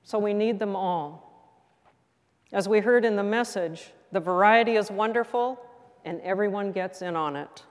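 A middle-aged woman pastor delivering a sermon in a gentle, reflective, measured way. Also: medium pitch. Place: church sanctuary. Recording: long hall reverb.

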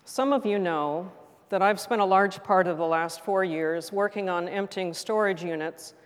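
A woman's voice: medium pitch, smooth. Woman pastor preaching in echoing hall. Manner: gentle, reflective, measured. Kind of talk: sermon. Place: church sanctuary. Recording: long hall reverb.

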